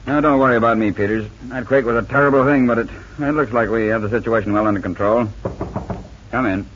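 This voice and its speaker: An actor playing a weary but steady male police chief in a 1940s radio drama, speaking with calm authority. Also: medium pitch, fast, close to an everyday voice. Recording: dull lo-fi old radio recording with faint hiss.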